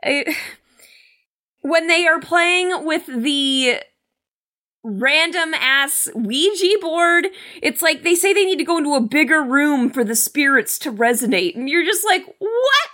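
A woman co-hosting a podcast in casual chat, animated and incredulous as she reads from her notes. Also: sits high, unhurried. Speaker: podcast co-host.

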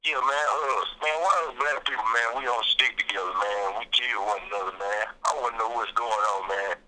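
A man's voice: mid-range voice, normal speed, bright, forceful tone, poor audio. A man from Florida calling in to a radio show, drawling and filling nearly every phrase with "man". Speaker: caller. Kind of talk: call-in question.

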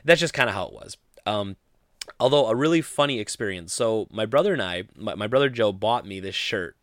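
A young man vlogging, telling a story in a rambling, animated way full of "like" fillers. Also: on the low side, a little fast, no room sound, studio quality. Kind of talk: casual storytelling to camera.

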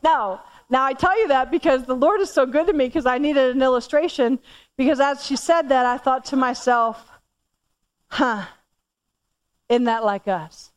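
A middle-aged woman telling a story in a sermon, talking casually and animatedly, climbing higher when she quotes herself scolding. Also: moderate pace. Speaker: church speaker.

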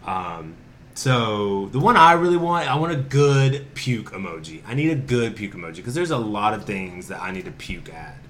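A man co-hosting a casual podcast, telling stories in an animated, profane, often laughing way. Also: fairly low pitch, normal speed. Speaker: podcast co-host. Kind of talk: casual chat.

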